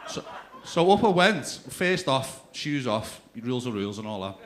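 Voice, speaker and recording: A man's voice: medium pitch, sing-song, moderate pace, a little hiss or hum. A man doing a stand-up comedy routine, telling crude stories and throwing asides to the crowd. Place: comedy club stage.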